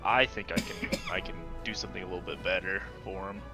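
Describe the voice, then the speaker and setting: A man's voice: deep voice, steady tone, quick pace, over music. A man playing a tabletop game, talking hesitantly and restarting his sentences. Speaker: player. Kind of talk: casual game-table banter.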